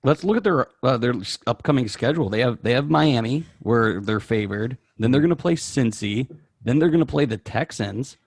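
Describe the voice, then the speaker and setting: A man's voice: medium pitch, animated, moderate pace, gravelly, no echo, studio quality. A man co-hosting a casual sports podcast, rambling and hesitant as he talks through his analysis. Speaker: co-host.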